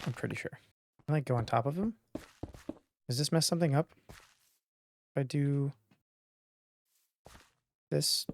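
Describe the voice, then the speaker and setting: A man hosting a gaming video, thinking aloud in casual commentary, self-mocking and quick to get excited. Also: mid-range voice, creaky, slight background noise. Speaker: gaming channel host.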